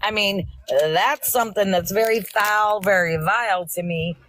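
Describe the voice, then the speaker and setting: A woman's voice: mid-range voice, a little slow, a bit bright, a little hiss or hum, poor audio. A middle-aged woman on a livestream, angrily confronting someone in an insistent, repetitive, scolding way. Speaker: livestream guest confronting host.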